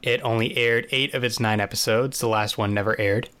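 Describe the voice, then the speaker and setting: A man's voice: lowish voice, steady tone, fairly quick, fairly bright tone, clear, resonant tone. A dry, sarcastic man recapping casually. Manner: dry, sarcastic, with frequent fillers. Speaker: podcast co-host.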